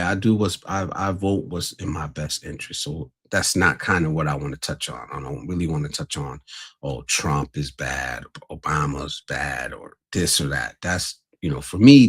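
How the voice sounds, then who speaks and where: Deep husky-voiced man hosting a livestream. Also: fairly bright tone. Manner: greets chat viewers, blunt and earnest. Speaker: livestream host. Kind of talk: casual livestream talk.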